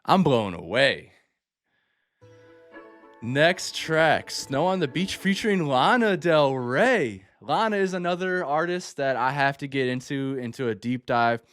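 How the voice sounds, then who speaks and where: A man's voice: a little high, animated, measured pace, fairly bright tone, no room sound. A man hosting a music reaction, talking casually and enthusiastically, often exclaiming between thoughts.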